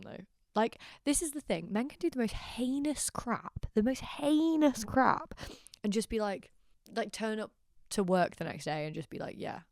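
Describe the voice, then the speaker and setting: A woman's voice: lowish voice, a little mellow, dry recording, studio quality. A tipsy young woman hosting a casual solo podcast, rambling, sardonic and giggly. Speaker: podcast host.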